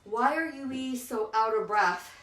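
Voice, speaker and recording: A woman's voice: a little high, takes it slowly, fairly bright tone, recorded from a distance. An out-of-breath woman, a spin instructor, coaching a bike workout and counting down intervals with encouragement. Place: indoors on an exercise bike. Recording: echoey room, voice off-mic.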